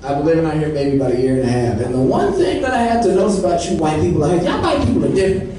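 A man from Saint Louis doing a stand-up set, telling a story with animated delivery and acting out the people in it. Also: a little high, very fast, very echoey, recorded from a distance, a little hiss or hum, low-quality recording. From Saint Louis, Missouri. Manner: animated storytelling, acts out the people in his stories. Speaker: stand-up comedian.

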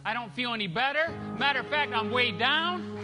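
A woman's voice: fairly high pitch, expressive, moderate pace, music in the background, pitched above the performer's own voice, lightly acted. A man voicing a let-down churchgoing woman. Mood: disappointed. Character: discouraged young woman leaving church.

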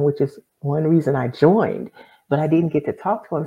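A woman's voice: low voice, normal speed, gravelly, dull audio. A woman guest telling her story earnestly and with faith, often acting out what others said. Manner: earnest, faith-filled, acts out quoted dialogue. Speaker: guest, author. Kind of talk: storytelling interview answer.

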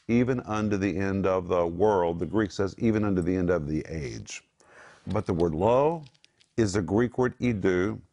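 A man's voice: lowish voice, darkish tone. A man co-hosting a Christian program, teaching from the Bible in an emphatic preaching cadence.

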